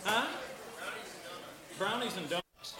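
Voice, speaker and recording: A man's voice: high voice, takes it slowly. A man emceeing a small live music event, giving rambling, offhand announcements before introducing the next act. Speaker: concert emcee. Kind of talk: casual announcements. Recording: echoey hall with loud crowd noise.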